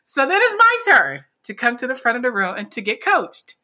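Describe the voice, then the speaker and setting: Bright-voiced woman telling her story. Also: fairly high pitch, a little fast. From North Carolina, USA. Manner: animated, laughs often, acts out quoted lines. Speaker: podcast guest, speaker and coach. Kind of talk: casual interview storytelling.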